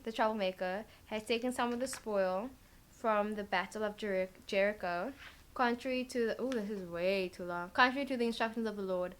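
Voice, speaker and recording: A woman giving a casual tarot reading, rambling and thinking aloud with lots of fillers. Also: mid-range voice. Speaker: tarot card reader.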